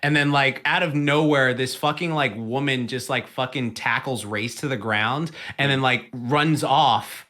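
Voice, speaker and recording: A man's voice: mid-range voice, measured pace, few pauses, pushed and bright. A man co-hosting a podcast in casual chat, rambling through a story, swearing and laughing as he goes. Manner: rambling, swears a lot, laughs while telling stories. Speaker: podcast co-host.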